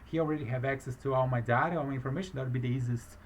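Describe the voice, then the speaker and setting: A business owner recounting a fraud case in a rambling, halting way, with a foreign accent and many restarts. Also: male voice, mid-range voice, fairly even intonation, slight background noise, low-quality recording. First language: not English, speaks with a foreign accent. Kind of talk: emotional personal account.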